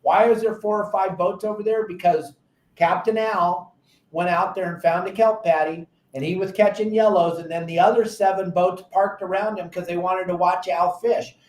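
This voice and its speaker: A man hosting a fishing talk show, giving casual advice as an animated storyteller who acts out frantic quotes. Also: high voice, moderate pace, reverberant. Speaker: podcast host and fishing captain.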